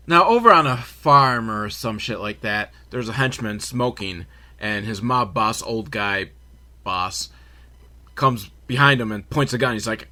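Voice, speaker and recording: A podcast host recaps a film in a rambling, sarcastic way, swearing freely and making noises for quotes. His mid-range voice is bright and forceful, and he talks a little slowly.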